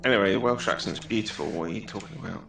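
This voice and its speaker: A man with a low, gravelly voice makes dry wisecracks over voice chat. He sounds far from the mic in a roomy space, with a faint hum behind him. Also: racing, a bit bright, faint music behind. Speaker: guest in voice chat. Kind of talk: casual voice-chat banter.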